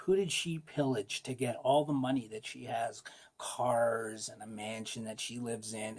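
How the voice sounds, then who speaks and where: A man's voice: medium pitch, breathy edge. A man hosting his own vlog, ranting about politics in a rambling, emphatic way full of fillers. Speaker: political commentary vlogger. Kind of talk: casual opinion rant.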